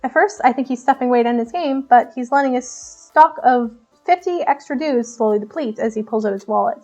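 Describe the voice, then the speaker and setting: A woman's voice: fairly high pitch, brisk, darkish tone, soft background music. A woman streamer reading a visual novel aloud, giggling often and joking about her own reading. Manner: giggly, playful, self-mocking.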